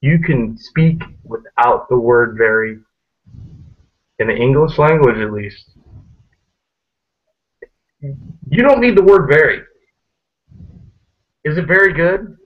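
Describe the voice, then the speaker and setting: A man's voice: a little high, animated, slow pace, pauses often. A man hosting a casual online group chat, making his points emphatically and repeating them, often tagging "man" on the end. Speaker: host of an online hangout. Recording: muffled lo-fi web call audio.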